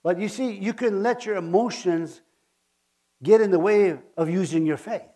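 A man preaching a sermon, earnest and halting, often repeating his words. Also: high-pitched, dark tone.

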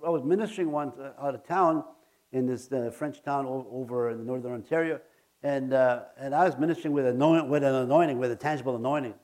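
A man preaching a sermon, earnest and halting, often repeating his words. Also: fairly high pitch, a little mellow.

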